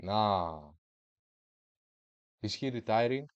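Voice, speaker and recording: A man streams a football management game with playful, slangy hype and trash talk. His voice sits on the low side and he talks at an unhurried pace. The sound is slightly muffled and dry. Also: animated, clean tone, dry recording. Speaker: gaming streamer. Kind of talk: casual gameplay commentary.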